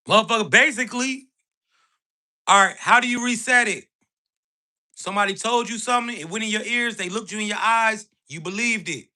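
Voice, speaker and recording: High bright-voiced man streaming to chat. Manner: blunt, profane, street slang, keeps asking "right?". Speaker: livestream host. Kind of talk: motivational livestream talk.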